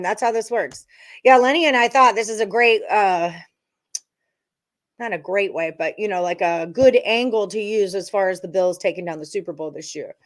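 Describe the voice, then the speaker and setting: Hosting a live sports betting show, this woman talks at a moderate pace in a medium-pitched voice. She goes over her picks in a relaxed, chatty way, reasoning out loud for her audience.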